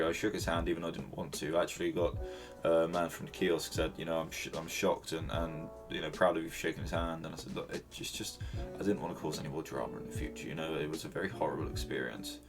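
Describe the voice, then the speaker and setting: A man, hosting a podcast and telling a rambling, sweary story on his own, with many restarts. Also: low-pitched. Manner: rambling, sweary, self-interrupting. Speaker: podcast host. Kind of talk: casual storytelling monologue. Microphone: solo recording at home to camera.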